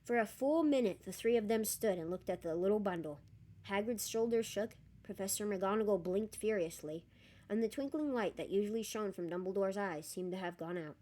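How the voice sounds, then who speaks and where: A woman reading a novel aloud in a lively way, breaking off for chatty, joking asides. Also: mid-range voice, fairly quick. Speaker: reader.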